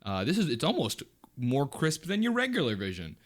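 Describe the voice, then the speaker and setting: A man's voice: medium pitch, huge pitch swings. A man running a tabletop game, laughing often. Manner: laughing often, halting with fillers. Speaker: dungeon master.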